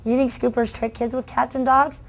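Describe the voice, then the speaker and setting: A middle-aged woman from the United States gives an animated storytelling talk, her voice sitting slightly high. She slips into the voices of children and adults as she goes, keeping the room with her. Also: brisk, creaky. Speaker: children's book author giving a talk. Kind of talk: lively storytelling speech to an audience.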